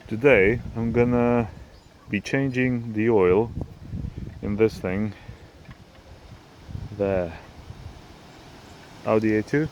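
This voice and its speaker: A man's voice: on the low side, steady tone, slow pace, long pauses, a little mellow, lo-fi sound, slight background noise. A man filming a casual do-it-yourself car repair video outdoors, talking in a rambling, jokey way and correcting himself as he goes. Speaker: DIY car vlogger. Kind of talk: casual how-to vlog. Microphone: camera on a tripod.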